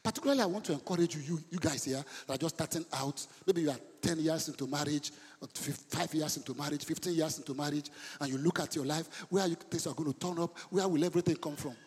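Male pastor, passionate sermon, raised voice, husky, live in an echoey church hall. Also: on the high side, fast talker, few pauses. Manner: impassioned preaching, rising to shouts.

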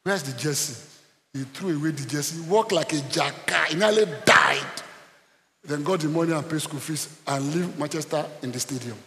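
Man, pastor, sermon, fairly high voice, shouting bursts, call-and-response, long hall echo. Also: moderate pace. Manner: animated preaching, bursts into shouts, repeats himself; addresses the congregation with call-and-response. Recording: long reverb of a large hall.

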